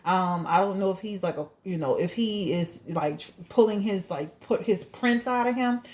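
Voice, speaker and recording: A woman hosting her own tarot channel, chatting in a lively, gossipy way with laughing asides. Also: mid-range voice, moderate pace. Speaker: tarot reader and channel host. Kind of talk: casual gossip chat before a tarot reading.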